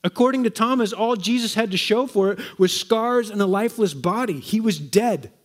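A man's voice: sits high, moderate pace. A man preaching a sermon in a conversational way, often asking rhetorical questions and repeating words.

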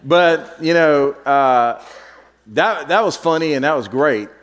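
A man preaching in a church, chatting casually with fillers, whose pitch jumps high and loud when he tells a funny story. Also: lively intonation, takes it slowly. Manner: conversational, with filler words and restarts. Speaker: pastor. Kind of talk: sermon with an animated, joking story.

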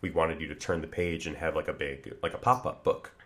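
Man, extremely low voice, comedy podcast co-host, earnest, hesitant, filler-heavy. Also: fairly even intonation, a bit bright. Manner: earnest, halting, many fillers and restarts. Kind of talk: improvised comedy podcast chat.

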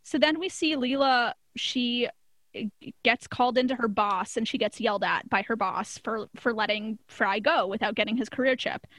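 A woman's voice: a little high, normal speed, fairly bright tone, no room sound. A woman casually recapping a cartoon episode, chatty and often laughing mid-sentence. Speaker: podcast co-host.

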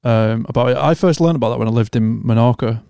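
A young man telling animated stories in casual chat. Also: medium pitch, fast, creaky, dry recording, studio quality. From England. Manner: animated storyteller, slangy and swearing.

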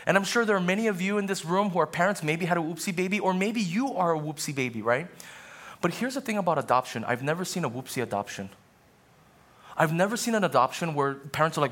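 A man in his thirties preaching a sermon in a church, shifting between soaring, emphatic passages and quiet, conversational asides. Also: on the high side, expressive, quick pace. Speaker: pastor. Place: church sanctuary.

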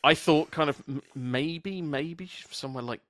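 A man's voice: fairly high pitch, unhurried, a bit bright, dry recording, studio quality. Chatty, sweary British man. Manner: chatty, sweary, rambling asides. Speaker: podcast host. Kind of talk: casual chat.

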